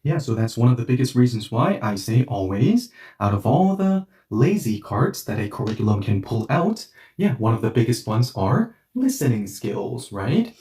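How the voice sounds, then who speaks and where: A man's voice: medium pitch, very animated, normal speed, hardly any pauses, dark tone, distant mic. A man teaching a language lesson, explaining points through made-up everyday scenarios in a conversational way. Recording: roomy echo, voice set back from the mic.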